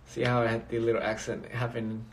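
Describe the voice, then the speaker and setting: A man's voice: mid-range voice, monotone, fairly quick. Man rambling on a phone livestream. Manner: rambling, reads out viewer comments. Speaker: livestream host. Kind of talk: casual livestream chat.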